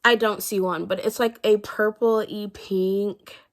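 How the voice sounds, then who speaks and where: A woman's voice: medium pitch, fairly even intonation, slow pace. A young woman vlogger chatting casually to her viewers, slightly out of breath, rambling with fillers and restarts. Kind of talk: casual chat.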